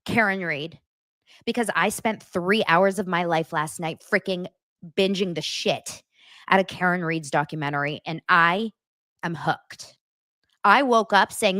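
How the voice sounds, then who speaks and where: A woman's voice: mid-range voice, moderate pace, no room sound. Chatty woman host, dry close sound. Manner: chatty, animated, rambling with asides and swearing. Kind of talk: casual commentary chat.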